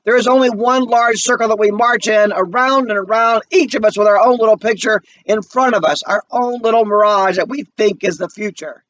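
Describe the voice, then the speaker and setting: A man's voice: high-pitched, a little fast, few pauses, a bit bright, muffled recording. Man reading as impassioned young woman student.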